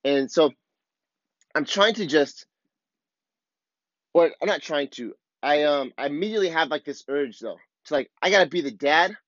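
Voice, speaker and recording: A man's voice: fairly high pitch, animated, moderate pace, long pauses, a bit bright, no echo, muffled recording. A man in his thirties, a father speaking candidly and confessionally about his struggles, swearing casually. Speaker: father vlogger. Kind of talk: candid personal reflection.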